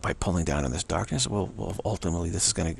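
A man's voice: deep voice, racing, vocal fry, a little hiss or hum. A man giving an unscripted spiritual teaching outdoors, rambling and repetitive, often restarting his sentences.

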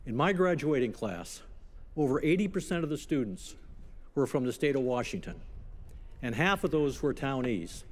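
Older man, commencement speaker, measured storytelling, gentle humor. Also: medium pitch, lively intonation. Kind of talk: commencement address. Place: outdoor ceremony stage.

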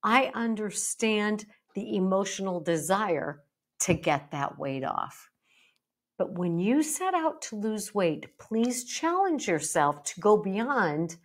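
Animated, emphatic middle-aged woman podcaster. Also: mid-range voice, slow pace. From United States. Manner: animated, emphatic, playful mock voices. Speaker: podcast host and bariatric psychologist. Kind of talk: solo podcast monologue.

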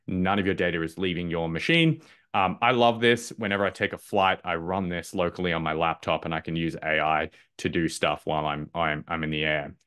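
A man's voice: deep voice, fairly quick, a bit bright, clean tone. Upbeat man presenting a live webinar. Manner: loose, upbeat, many fillers and restarts. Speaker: masterclass presenter.

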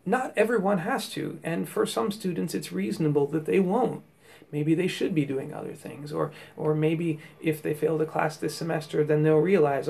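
A man's voice: fairly high pitch, normal speed, gravelly, darkish tone. A man and teacher giving an explanatory talk, reasoning step by step through classroom examples. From United States.

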